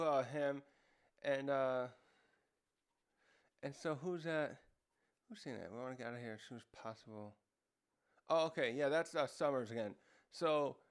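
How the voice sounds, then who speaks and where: A smooth, slightly high male voice belongs to a review host casually summarizing a manga chapter. He rambles, reaches for words, and fills the pauses heavily, while acting out the characters' lines in quick, elevated voices.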